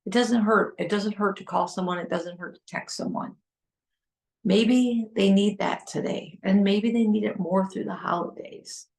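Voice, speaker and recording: A woman's voice: mid-range voice, steady tone, normal speed, vocal fry, a little mellow. A middle-aged woman hosting a heartfelt solo podcast, talking earnestly and pleading, repeating phrases for emphasis. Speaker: podcast host.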